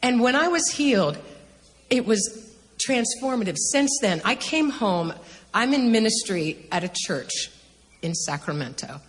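A woman telling an animated personal testimony as a guest, laughing often and rushing through her story. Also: on the high side. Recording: reverberant hall, faint background noise.

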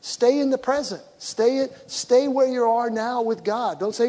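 In a church hall with long reverb, a pastor preaches conversationally about communication and voices the people he quotes. He speaks in a very high, mellow voice with fairly even intonation, at a measured pace with few pauses.

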